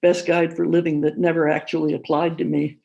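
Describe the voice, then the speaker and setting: A woman voicing a patient, worried adult daughter in a story she reads aloud, gentle and coaxing in a soft sing-song. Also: deep voice, level tone, fairly quick, vocal fry, muffled recording. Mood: teasing. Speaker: story character read aloud. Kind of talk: reading fiction aloud at a conference.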